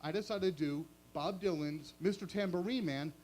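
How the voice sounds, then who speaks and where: A man's voice: high-pitched, normal speed, a little mellow. A man doing stand-up comedy at a small open mic, chatty and self-mocking. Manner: chatty, self-mocking, chuckles at own jokes.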